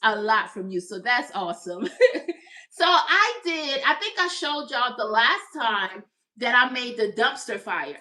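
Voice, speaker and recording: A woman's voice: fairly high pitch, sharp tone, echoey room, distant mic. A woman hosting a crochet livestream, chatting upbeat with her viewers. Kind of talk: casual livestream chat.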